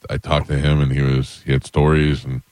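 Man, radio host, very deep voice, easygoing banter, dry studio sound. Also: level tone, fairly quick, a little mellow, dry recording. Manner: easygoing, upbeat on air. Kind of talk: casual morning radio banter.

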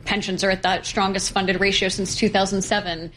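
A woman speaking as a guest strategist in a financial interview, her pitch sitting in a middle range. She talks in a measured, analytical way and only now and then reaches for a filler. A faint hiss of noise sits under her voice. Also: level tone, a bit bright. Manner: measured, fluent with occasional fillers.

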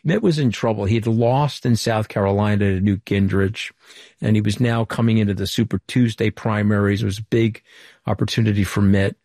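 A man's voice: lowish voice, fairly even intonation, fairly quick, a little mellow, no room sound, clean studio sound. An older man from Long Island, telling stories earnestly and emphatically as a guest in an interview. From Long Island, New York. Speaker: interview guest, former communications director. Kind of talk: candid storytelling in an interview.

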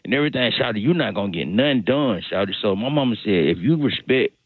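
A man's voice: on the low side, expressive, quick pace, slightly rough, no echo. A man calling in on the phone, drawling and repeating himself as he talks his way out of coming to work. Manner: drawling, repetitive, excuse-making. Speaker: caller. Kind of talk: comic phone bit. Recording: tinny phone line.

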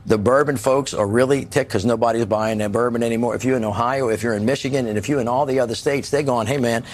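A man's voice: medium pitch, steady tone, fast talker. A man speaking as a guest on a news panel, folksy and emphatic, acting out what ordinary people say. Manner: folksy, emphatic, quotes people in plain talk. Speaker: political commentator guest. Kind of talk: panel discussion.

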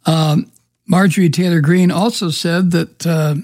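A man hosting a political talk show, sardonic and rambling with many fillers, with a weak husky voice. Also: a little high, steady tone, a little slow, a little mellow, dry recording, clean studio sound. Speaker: radio talk show host. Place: home studio in the mountains.

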